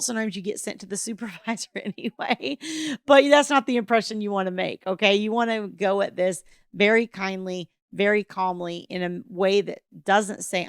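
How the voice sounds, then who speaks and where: A woman's voice: medium pitch, no room sound, studio quality. A woman coaching parents through divorce, talking casually and acting out what people might say. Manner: casual, conversational, acts out quoted dialogue. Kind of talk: advice talk to camera.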